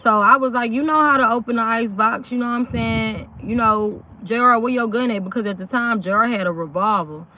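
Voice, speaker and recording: A woman's voice: fairly high pitch, brisk, few pauses. Woman telling a story over tinny audio. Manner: rambling, keeps asking "you know what I'm saying". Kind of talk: casual spoken true story.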